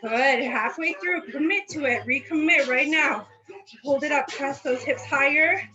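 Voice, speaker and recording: A woman's voice: high voice, a little slow, sharp tone, echoey room. A young woman coaching a home workout, out of breath and encouraging, cheering between sets. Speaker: fitness instructor. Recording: dull lo-fi audio with faint music.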